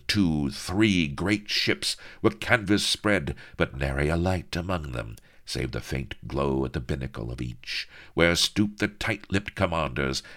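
A man's voice: very deep voice, creaky, a bit bright. A man narrating a comic adventure story in a mock-grand, playful way. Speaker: audiobook narrator.

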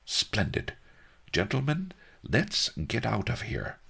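A man voicing a calm, elderly male scholar who explains things in a measured way for a storybook reading. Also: fairly low pitch, vocal fry, slightly rough, pitched above the performer's own voice, exaggerated voice. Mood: brisk.

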